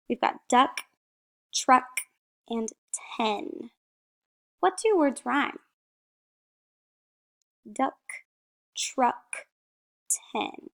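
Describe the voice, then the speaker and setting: Woman teacher, slow and patient, fairly high voice, slight gravel, stretches out practice words for small kids. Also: fairly bright tone. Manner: drawn-out word modelling, questions then answers. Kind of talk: slow, encouraging phonics lesson for young children.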